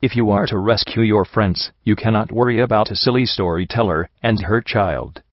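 A man voicing a gentle, wise female zebra storyteller, a mother, in a measured, formal, gently teasing way, in a fan audiobook reading. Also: lowish voice, no room sound, natural voice. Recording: dry, slightly muffled lo-fi recording.

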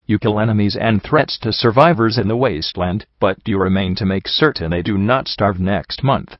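A man voicing a calm, measured female alicorn goddess who speaks for a hive mind, in an audiobook reading. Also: lowish voice, no echo, close to an everyday voice. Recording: dull dry recording.

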